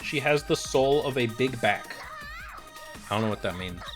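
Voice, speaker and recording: A jokey streamer plays through a story game, reading the lines aloud and riffing on them. The voice is lively and bounces up and down in pitch. Faint game music runs underneath. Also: normal speed. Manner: playful, jokey, switches into character voices. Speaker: let's play streamer. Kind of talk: casual game commentary, reading dialogue aloud.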